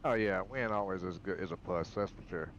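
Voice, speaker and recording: A man's voice: low-pitched, fairly quick, a bit bright, muffled recording. A man answering a race host's questions as the pole-sitting sim driver, laid-back and brief. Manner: laid-back, short replies.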